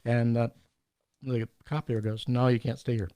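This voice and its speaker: A man telling anecdotes in a casual podcast chat, animated and laughing often, acting out the people in his stories. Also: mid-range voice, normal speed, dry recording. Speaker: podcast guest. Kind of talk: casual storytelling.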